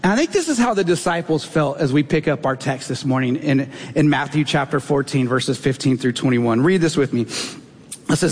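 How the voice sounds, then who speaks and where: Pastor with a slightly high voice in a reverberant hall. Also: male voice, brisk. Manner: animated storytelling, acts out quotes in a raised voice. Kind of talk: sermon.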